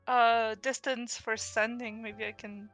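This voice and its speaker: A woman playing a tabletop game, speaking hesitantly with many pauses and fillers. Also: on the high side, flat delivery, fairly bright tone, no room sound, faint music behind. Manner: slow, hesitant with many uhs. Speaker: player. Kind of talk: casual tabletop play.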